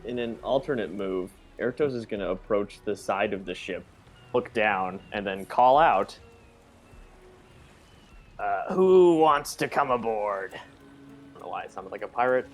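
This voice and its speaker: A man's voice: fairly low pitch, normal speed, faint music behind. A man playing in a tabletop role-playing game, joking around and describing what his character does. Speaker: player. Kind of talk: casual tabletop game chat.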